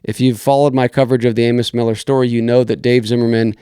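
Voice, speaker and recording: A man at a middle pitch talks through his political commentary podcast. He reads news articles aloud and cuts in with blunt criticism, often restarting his sentences. His voice is smooth and resonant, recorded close and dry. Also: level tone, fast, warm tone, no echo. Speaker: podcast host.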